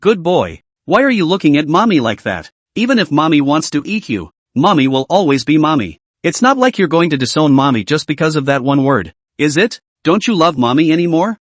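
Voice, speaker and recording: A man's voice: fairly high pitch, sing-song, brisk, few pauses, no echo. A man voicing a ghost mother who dotes on and mocks her son, in a cooing manner, as part of a recap reading. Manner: cooing, doting, mocking. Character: sweetly menacing ghost mother, woman.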